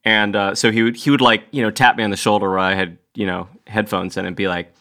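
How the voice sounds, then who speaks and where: Brief: young man, podcast bandmate, rambling storyteller, lowish bright voice. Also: little pitch movement, fast talker, few pauses. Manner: rambling anecdotes with laughs. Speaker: band member co-hosting a podcast. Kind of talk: casual chat.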